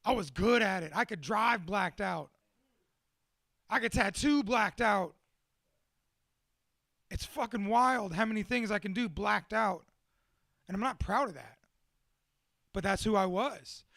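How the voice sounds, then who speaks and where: A man's voice: sits high, measured pace, creaky, pauses often, fairly bright tone, no echo, studio quality. A man giving a candid, profane and self-deprecating personal talk to a small audience, laughing often as he speaks. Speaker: motivational speaker.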